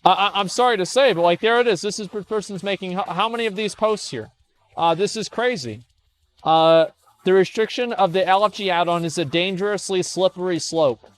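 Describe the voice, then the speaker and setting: A man's voice: high voice, fairly quick. A young man streaming casual commentary as he reads forum posts aloud, blunt and scornful, swearing, stammering and restarting.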